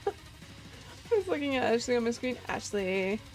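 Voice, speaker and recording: A woman's voice: fairly high pitch, sing-song, a little slow, a little mellow, faint music behind. A giggly, playful woman streamer reading a dating game aloud.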